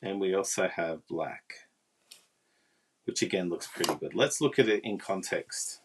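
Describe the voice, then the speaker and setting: Chatty woman hosting a craft demo; unhurried, with a lot of pitch movement. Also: expressive, breathy edge. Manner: chatty, talks with viewers. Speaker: papercraft demonstrator. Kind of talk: casual live craft demonstration.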